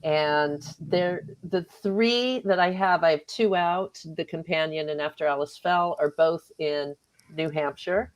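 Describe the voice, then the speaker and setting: Chatty woman author, slightly low voice. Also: measured pace. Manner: chatty, laughs often, acts out her own past remarks. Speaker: author guest. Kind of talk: casual interview chat.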